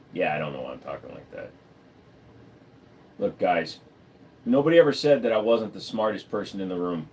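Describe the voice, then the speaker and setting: A man's voice: sits low, very animated, normal speed, pauses often, darkish tone. Male livestream host, loose and foul-mouthed, reads chat and riffs off it. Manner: blunt, profane, rambling, reads chat aloud.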